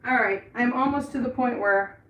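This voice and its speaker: A woman's voice: on the high side, moderate pace, a bit bright. A middle-aged American woman rambling through casual livestream chat and reading out viewers' messages while she paints trim in her bathroom. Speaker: livestream host. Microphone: camera set across the room. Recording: echoey room, voice far from mic, faint noise.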